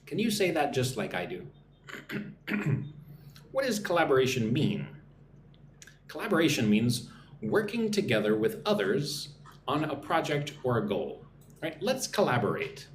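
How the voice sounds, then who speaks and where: Man teaching English, lively, echoey room. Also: mid-range voice, slight background noise. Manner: explains slowly, repeats words syllable by syllable, frequent "right?". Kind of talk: live-streamed vocabulary lesson.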